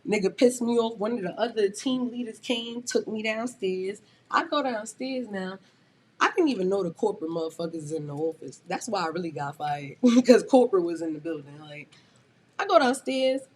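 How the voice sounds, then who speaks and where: A woman's voice: mid-range voice, moderate pace. A woman guest on a podcast with an ordinary mid-range voice tells a story in casual talk. She is blunt and swears freely, and her delivery turns heated. A faint noise sits under her voice.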